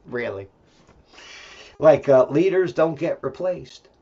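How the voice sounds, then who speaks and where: A man's voice: on the high side, animated, extremely slow, gravelly, a little mellow. A male host giving a rambling, profane political rant full of fillers and restarts, and talking aside to his dog at home. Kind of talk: solo political commentary rant. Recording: dull lo-fi sound.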